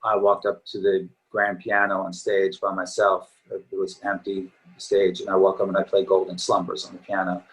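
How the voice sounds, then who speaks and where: A middle-aged man with a fairly low voice talks as a guest in a relaxed interview. He rambles in an easygoing, reminiscing way, and his voice sounds a little tired. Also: normal speed, hardly any pauses, poor audio. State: slightly tired voice. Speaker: actor guest. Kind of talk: casual interview chat.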